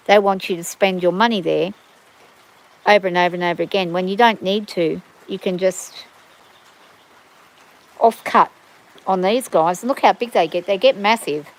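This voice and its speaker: The recording is low quality, carrying a medium-pitched woman's voice. She's middle-aged, has an Australian bush accent, and rambles in casual chat to viewers on a livestream, outdoors on her farm in the rain.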